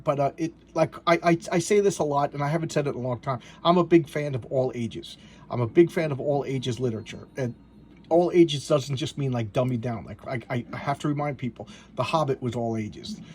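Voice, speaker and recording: A man casually reviewing a comic book, rambling with excited asides and restarts as he pages through it. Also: medium pitch, fairly quick, slight background noise. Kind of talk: casual comic review, reading panels aloud.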